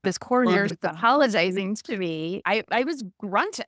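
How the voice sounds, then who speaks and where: A woman in her thirties telling a personal story in a conversational way, animated and acting out the lines of people in it. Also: medium pitch, normal speed, no room sound, clean studio sound. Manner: animated, acts out quoted dialogue. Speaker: guest recounting her birth.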